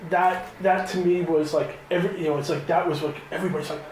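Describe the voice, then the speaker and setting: A man with a high, darkish voice interviews filmmakers in a hotel room at a film festival, talking fairly quickly with hardly any pauses. He's emotional, nearly in tears, and rambles with many restarts. The room is very echoey, with slight background noise.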